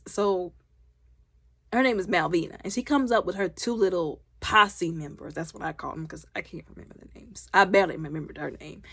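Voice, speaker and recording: A woman talks through a movie recap in a loud, slangy, chatty way. Her pitch leaps up and down with every reaction, and the sound is close and dry. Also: no room sound. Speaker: movie reviewer.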